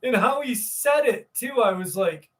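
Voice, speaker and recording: A man's voice: very high voice, lively intonation, unhurried, pushed and bright, distant mic. A man hosting a live stream, rambling casually, swearing freely and greeting viewers in the chat. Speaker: livestream host.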